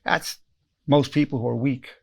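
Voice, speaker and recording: A man's voice: mid-range voice, steady tone, normal speed, vocal fry, darkish tone, husky. A man in his eighties, a psychologist giving an earnest spoken self-help lesson, repeating lines for emphasis and acting out quoted phrases. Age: 80s.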